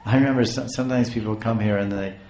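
A man preaching a devotional story, halting and repeating words as he goes. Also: fairly low pitch, steady tone, darkish tone, a little hiss or hum. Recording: roomy echo.

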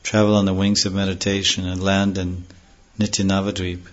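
A man giving a devotional scripture lecture, slowly chanting verses and then explaining them earnestly, on a dull lo-fi recording. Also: sits low, completely flat delivery. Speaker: spiritual teacher.

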